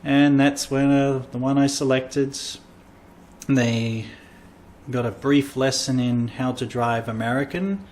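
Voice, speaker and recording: A man's voice: mid-range voice, takes it slowly, darkish tone, a little hiss or hum. Rambling Australian man telling stories. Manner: rambling storytelling, acting out quotes. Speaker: comedian and podcast host. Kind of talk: casual podcast chat.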